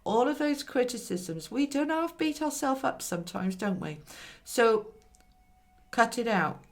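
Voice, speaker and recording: A British woman doing a monthly tarot reading, chatty and reassuring as she draws cards and talks to them. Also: medium pitch. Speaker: tarot reader.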